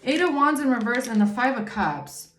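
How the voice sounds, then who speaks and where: A woman's voice: on the high side, expressive, normal speed, a bit bright, echoey room. A woman giving a casual tarot reading monologue, blunt and profane, with indignant asides. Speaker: tarot reader.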